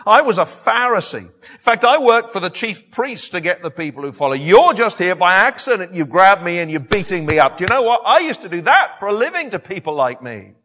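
A preacher acting out an impassioned apostle who pleads fervently with a hostile crowd. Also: male voice, high voice, big pitch swings, brisk, few pauses, bright, forceful tone, full character voice.

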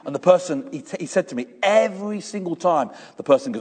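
A man preaching a sermon as pastor, animated and storytelling, acting out small dialogues with his congregation. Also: high-pitched, fast talker, breathy edge, big-room sound.

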